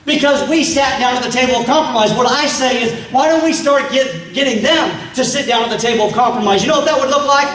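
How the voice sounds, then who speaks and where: A man's voice: extremely high pitch, fast, few pauses, a bit bright. A man giving a fiery political speech at a meeting, rousing the crowd with rhetorical questions. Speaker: political speaker. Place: meeting hall. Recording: echoey hall from far off.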